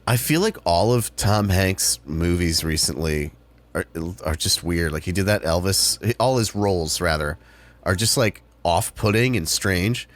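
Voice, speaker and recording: A man's voice: low-pitched, a little slow. A man co-hosting a casual podcast chat, hesitant and swearing freely. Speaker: podcast co-host.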